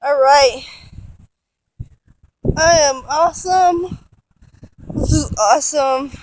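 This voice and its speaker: On an outdoor beach, a vlogger films a casual walk with her phone on a selfie stick, sounding gushing and exclamatory. She speaks slowly in a high voice, and the low-quality phone audio is full of loud wind noise.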